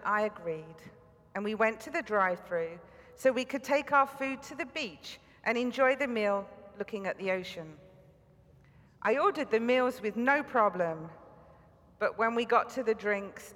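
A woman's voice: medium pitch, fairly bright tone, in a large hall. A British woman preaching a sermon, telling stories with dry humor. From Britain.

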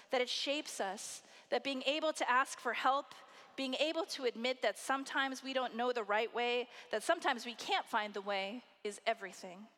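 A woman's voice: fairly high pitch, a bit bright. Woman preaching in an echoing hall. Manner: emphatic, with dramatic pauses and a wry aside. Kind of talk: sermon. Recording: hall reverb.

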